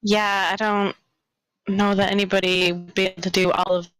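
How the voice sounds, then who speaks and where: A woman's voice: medium pitch, level tone, moderate pace, a bit bright, clean tone, no room sound, low-quality recording. A woman interviewing a guest in easygoing conversation, with joking asides. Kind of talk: casual interview talk.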